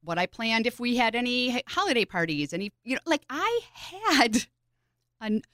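Woman podcast co-host, bright sharp voice, chatty and gushing, dry close recording. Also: on the high side, very animated, no room sound. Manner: chatty, gushing, quick to laugh. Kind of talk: casual chat.

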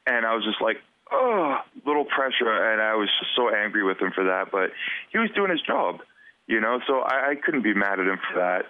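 A man's voice: lowish voice, animated, no echo. Man on a tinny phone line. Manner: earnest, halting storyteller who repeats words. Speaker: guest. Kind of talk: personal story in a podcast interview.

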